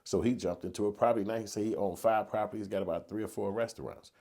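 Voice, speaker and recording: Low, husky-voiced man ranting casually. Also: fairly even intonation, fast talker, mellow. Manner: conversational and slangy, building to emphatic rants. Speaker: commentary vlogger. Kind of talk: casual opinion monologue.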